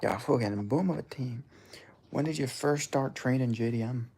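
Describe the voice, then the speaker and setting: A young Australian man with a mild Australian accent, answering chat in a relaxed, casual livestream and swearing freely. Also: medium pitch, normal speed, breathy edge. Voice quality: laid-back, swears casually.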